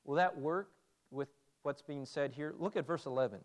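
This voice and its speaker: A man's voice: fairly high pitch, normal speed. A man preaching a conversational Bible sermon, asking his listeners questions and reading scripture aloud. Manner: conversational, asks the audience questions.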